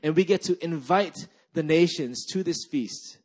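A young man preaching a sermon as a pastor, animated and conversational, peppering his talk with "right?" and "like". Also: a little high, normal speed, few pauses. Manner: animated storytelling, frequent "right?" and "like".

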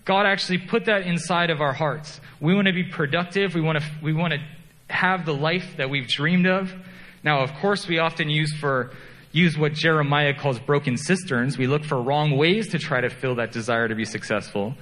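A man's voice: on the high side, normal speed, a bit bright, in a large hall, poor audio. A man preaching a sermon as pastor, telling self-deprecating stories in a conversational way.

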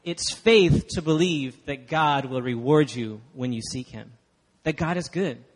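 His voice is fairly high and his pace measured: a man from Dallas, Texas, the guest speaker at a sermon. Chatty yet emphatic, he addresses the congregation in a church hall whose long reverb trails his words.

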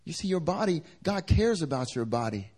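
A young man preaching a sermon in a slightly raised voice. He swings between loud bursts and hushed asides. He acts out the people in his stories as he tells them. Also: fairly high pitch, very animated, moderate pace, husky. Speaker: pastor.

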